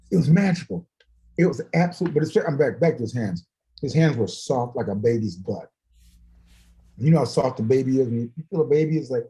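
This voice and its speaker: A man's voice: medium pitch, a little fast, long pauses, rough recording. A man who is a guest musician, telling stories in a casual chat, acting out the voices of the people he quotes and laughing often. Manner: animated, laughing storyteller who acts out quotes.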